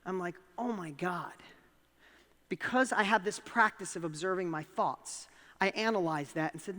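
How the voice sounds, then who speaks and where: A man with a New York accent giving a motivational talk, telling a personal story with animated, emphatic rises in his voice. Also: high-pitched, normal speed, big-room sound. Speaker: speaker.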